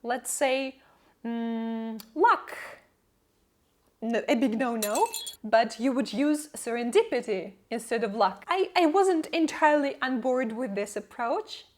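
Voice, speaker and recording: A young woman, not a native English speaker, telling her language-learning story in an earnest, measured vlog narration. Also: on the high side, animated. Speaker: English-learning channel host. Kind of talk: scripted personal vlog narration.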